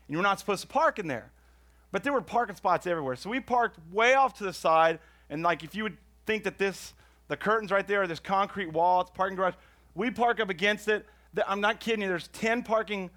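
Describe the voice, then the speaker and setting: A man's voice: high-pitched, pushed and bright. A man from Houston, doing rambling, self-mocking stand-up storytelling. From Houston, Texas. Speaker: stand-up comedian.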